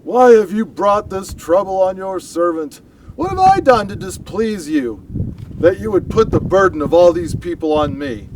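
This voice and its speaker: A man voicing an exasperated old male leader who pleads loudly and anguished, pitched well above his own voice. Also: very animated, normal speed, distant mic, noisy background. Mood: pleading, exasperated.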